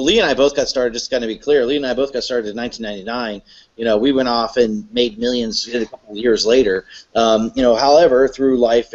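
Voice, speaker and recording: A man, a guest speaker, telling a personal story to an audience in a halting way full of fillers and restarts. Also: medium pitch, lo-fi sound.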